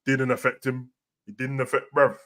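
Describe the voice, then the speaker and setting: A man's voice: medium pitch, little pitch movement, moderate pace, a bit bright. A man, chatting casually and animatedly about football and boxing as a podcast host, dropping slang constantly. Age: adult with a young son. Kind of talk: casual chat.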